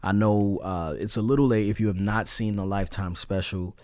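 A man co-hosting a casual couples podcast, relaxed and teasing, often restarting his sentences. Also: fairly low pitch, brisk, no echo, studio quality. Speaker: podcast co-host. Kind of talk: casual chat.

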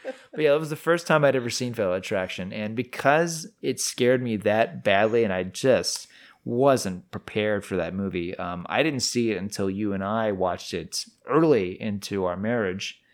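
A young adult man co-hosting a podcast, telling a story with animated shouts and gasps. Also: fairly low pitch, moderate pace. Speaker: podcast co-host. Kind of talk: casual storytelling and film review.

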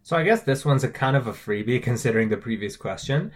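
A man's voice: medium pitch, expressive, fast. A man co-hosting a scripted language-lesson podcast, carefully explaining pronunciation and tones. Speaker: podcast co-host.

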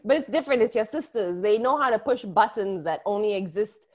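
A woman's voice: mid-range voice, animated, fairly quick. A young woman co-hosting a podcast, telling stories in casual chat, swearing freely and laughing often. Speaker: podcast co-host.

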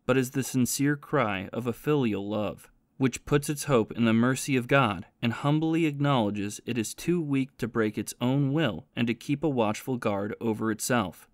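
A man reading the part of a learned male scholar in an audiobook, earnest and measured as he teaches about prayer. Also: mid-range voice, no echo, clean studio sound, natural voice. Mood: earnest, instructive. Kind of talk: audiobook reading of a spiritual classic.

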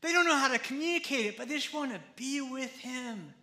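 High bright-voiced male pastor preaching. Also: a little fast, echoey room. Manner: conversational, animated preaching with acted quotes. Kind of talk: sermon.

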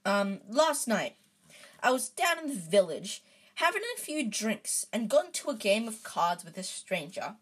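A woman reading the lines of a big, gruff, kindly male groundskeeper, hesitant and rambling, with a husky voice. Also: mid-range voice, sing-song, a little slow. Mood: proud.

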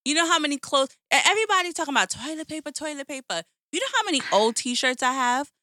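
Bright-voiced woman, joking podcast co-host. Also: sits high, expressive, fast, no echo, studio quality. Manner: joking, storytelling, playful teasing. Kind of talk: casual chat.

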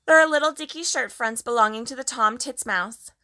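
A woman's voice: on the high side, brisk, bright, forceful tone. A woman voicing a humble, anxious little hedgehog washerwoman in a storybook reading, polite and sing-song. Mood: fussy, polite.

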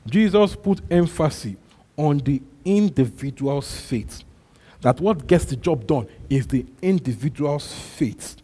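A man's voice: on the high side, animated, unhurried, warm tone, husky. A male pastor preaching a sermon, emphatic and repetitive, calling out to his congregation. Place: church. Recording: long hall reverb.

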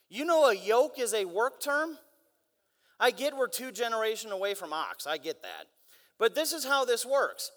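High, bright-voiced man preaching. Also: wildly swooping pitch, moderate pace, pauses often. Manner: preachy, rhetorical questions, acts out others in mock voices. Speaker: guest preacher. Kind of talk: energetic sermon. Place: large church hall. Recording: long church hall reverb.

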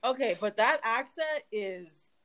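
A woman's voice: fairly high pitch, lively intonation, fairly bright tone. Teasing woman podcast co-host. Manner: teasing, joking, quick to agree. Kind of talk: casual chat.

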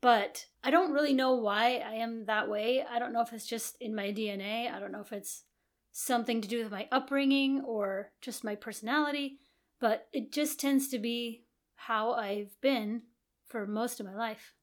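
A woman co-hosting a relaxed podcast about married life, her voice sitting a little on the higher side. She muses aloud in long, reflective sentences and weighs both sides of each point. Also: moderate pace. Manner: thoughtful, reflective, talks in long musing sentences. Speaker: podcast co-host. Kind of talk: casual chat.

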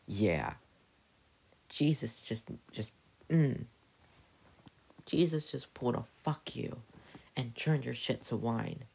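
A man with a gravelly, husky voice rambling through a profane, stumbling comedic monologue. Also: medium pitch, takes it slowly, long pauses, darkish tone.

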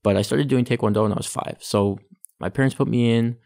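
Gravelly-voiced Canadian man telling his story. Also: mid-range voice, fairly even intonation, fairly quick, a little mellow. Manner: chatty, fills with "like" and "you know". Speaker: guest, taekwondo athlete and sports psychology practitioner. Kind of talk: casual interview storytelling.

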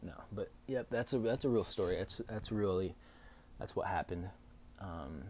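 A young man hosting a podcast, telling a story in a casual, profane, animated way with lots of fillers. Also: deep voice, normal speed, slight background noise. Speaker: podcast host.

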